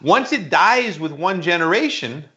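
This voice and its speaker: A man's voice: high-pitched, sing-song, measured pace, sharp tone, muffled recording. A man co-hosting a casual podcast, telling stories about himself and laughing often. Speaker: podcast co-host.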